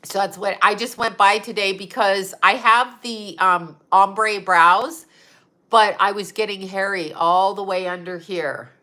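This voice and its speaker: A Utah woman in her fifties, a psychic medium, hosts a loose, casual livestream chat and answers viewers as she goes. Her medium-pitched voice is bright, forceful, and slightly nasal-stuffy, with a steady tone and unhurried pace. She swears freely and laughs easily.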